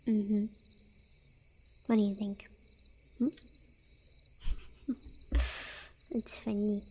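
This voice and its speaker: A woman's voice: mid-range voice, flat delivery, very slow, long pauses, mellow, a little hiss or hum. A young woman streaming and chatting with viewers, teasing them playfully with giggles and whispered asides. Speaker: live streamer. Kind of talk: casual live-stream chat with viewers.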